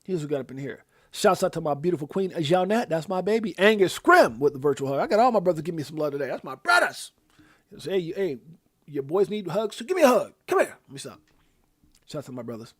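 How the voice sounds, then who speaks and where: A man hosting a live stream, casually reeling off shout-outs to viewers with loud, excited bursts. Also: dry recording, clean studio sound. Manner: lively, hyped, drawn-out shout-outs with sudden loud high bursts. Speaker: livestream host.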